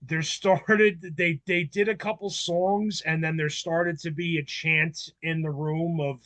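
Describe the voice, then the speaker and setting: A man in his forties on a panel, telling stories in a casual, animated way, acting out voices and swearing freely. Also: on the high side, slow pace, no room sound. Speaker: panel member. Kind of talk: casual storytelling chat.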